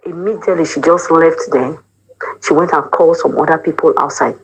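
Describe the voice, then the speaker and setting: A young Cameroonian woman who used to sing in a church choir tells an emotional story of her time there, acting out what others said and slipping pidgin words into her English. Her voice sits low and moves a little fast, with background noise behind it.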